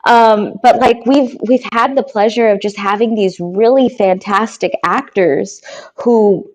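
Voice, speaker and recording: A woman with a Midwestern American accent, a television co-producer talking as a guest in a casual interview, bubbly and quick to laugh. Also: medium pitch, steady tone, a little mellow. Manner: bubbly, laughs often, full of "like".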